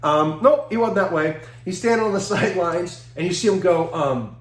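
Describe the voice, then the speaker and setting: A man giving a seminar talk, telling lively anecdotes with chuckles and acting out what people said. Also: high voice, normal speed, few pauses, reverberant. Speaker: seminar speaker.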